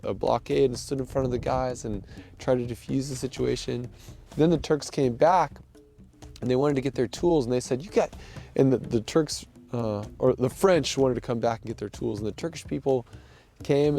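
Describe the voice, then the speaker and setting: A man with a gravelly, low-toned voice tells a rescue story from memory. His delivery is animated and full of restarts and repeated words. The tone is dark and mellow rather than bright. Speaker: volunteer rescue worker recounting events. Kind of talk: casual spoken recollection.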